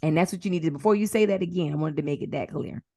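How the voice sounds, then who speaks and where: A woman co-hosting a casual podcast, talking in an animated, profane way and slipping into mimicked voices. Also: low-pitched, quick pace, no room sound, studio quality. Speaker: podcast co-host. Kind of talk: casual chat.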